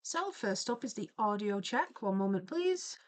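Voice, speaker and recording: A woman's voice: mid-range voice, sing-song, a little slow. A young woman chatting casually on a live stream, greeting viewers by name in a playful, giggly way. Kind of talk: casual live-stream chat while drawing.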